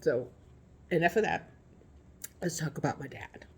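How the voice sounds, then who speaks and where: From home, a woman gives a casual, heartfelt vlog update about caring for her father, speaking haltingly with many restarts and growing teary at times. Her voice is low, husky and darkish in tone, yet animated.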